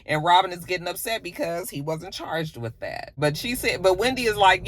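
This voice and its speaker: A talkative man with a somewhat high voice delivers a casual recap monologue. He is sassy and animated and acts out the quotes. The sound is dry and close, with no room echo. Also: moderate pace, hardly any pauses. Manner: chatty, sassy retelling with acted-out quotes. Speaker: reality TV recap host.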